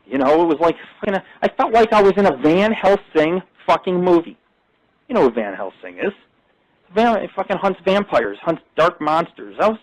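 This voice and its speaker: A man's voice: fairly high pitch, sing-song, normal speed, dry recording, low-quality recording. A middle-aged man hosting a live internet radio talk show, ranting and boasting in crude, profane language.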